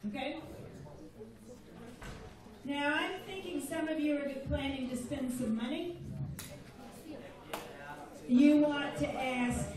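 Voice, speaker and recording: In a classroom phrase lesson, a woman with a high-pitched voice teaches simple Spanish to a roomful of students, patiently repeating every phrase for them to echo. The recording was made from a distance in an echoey school room, with the crowd present.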